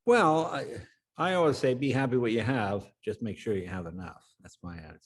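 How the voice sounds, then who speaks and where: Older guy telling stories on a podcast, does the voices of the people in them, mid-pitched voice. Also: a little fast, breathy edge. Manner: animated anecdote teller, acts out quoted voices. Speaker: guest. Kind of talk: storytelling interview.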